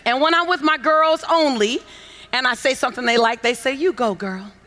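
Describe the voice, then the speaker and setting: High bright woman speaker rallying a crowd. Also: brisk. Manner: call-and-response, coaxing the audience; builds to shouts, repeats phrases. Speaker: motivational speaker. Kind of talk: keynote speech to a conference crowd. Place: large conference hall on stage.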